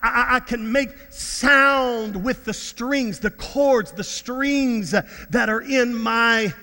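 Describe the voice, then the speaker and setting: Middle-aged preacher guy, really high bright voice, fired up, sings a bit, big churchy reverb. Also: slow. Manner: fervent, repeats words, breaks into song. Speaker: pastor. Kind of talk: sermon.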